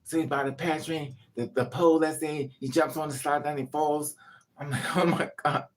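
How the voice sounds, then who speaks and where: A woman's voice: deep voice, steady tone, normal speed, darkish tone. A woman vlogger telling a rambling, profane story in casual chat to her viewers.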